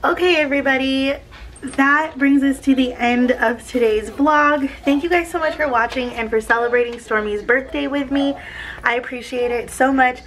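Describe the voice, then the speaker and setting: A young woman vlogging in a casual, heartfelt way. Her voice sits a little high and she gushes, with lots of "like" between her thoughts. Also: normal speed, fairly bright tone, rough recording. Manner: emotional, gushing, lots of "like". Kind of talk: casual personal vlog.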